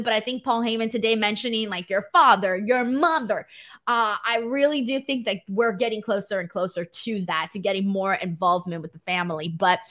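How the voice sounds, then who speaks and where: A young woman hosting a wrestling post-show, chatting casually and reading viewer comments, excitable and laughing often. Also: on the high side. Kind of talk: casual solo commentary reading live chat.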